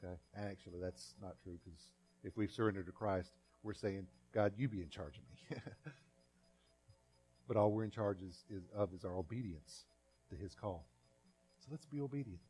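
A man's voice: deep voice, normal speed, long pauses, mellow, faint music behind. A man preaching a sermon as pastor in a folksy, conversational way, repeating phrases and acting out little scenes.

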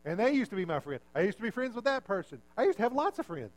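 A male pastor with a notably high voice delivers a sermon in an easy, conversational style. He teases the congregation and mocks himself, often dropping to a low, quiet aside for the punchline. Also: very animated, rapid-fire. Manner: conversational, self-mocking, drops voice for punchlines.

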